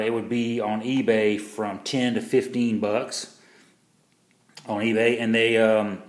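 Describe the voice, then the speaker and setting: A man's voice: fairly low pitch, echoey room. A man reviewing a pocket knife in a casual vlog, rambling and self-deprecating, with lots of fillers and restarts.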